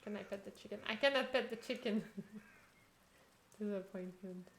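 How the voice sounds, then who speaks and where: A woman's voice: medium pitch, normal speed, a bit bright, roomy sound, a little hiss or hum. A woman streamer chatting casually as she plays, reading dialogue aloud between remarks. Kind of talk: casual gameplay commentary.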